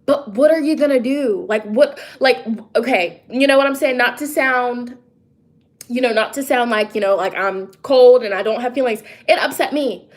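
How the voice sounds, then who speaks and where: A woman with a somewhat high voice, speaking in a loose, casual vlog monologue. She talks straight to her viewers, pressing her points with rhetorical questions and backing up to restart her sentences. She sounds emphatic and conversational throughout. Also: moderate pace. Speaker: tarot reader and psychic.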